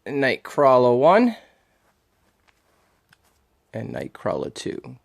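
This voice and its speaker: A man's voice: mid-range voice, wildly swooping pitch, extremely slow, creaky. A man with a Boston accent chatting casually in a show-and-tell vlog, rambling with frequent ums and uhs as he talks about his comic collection.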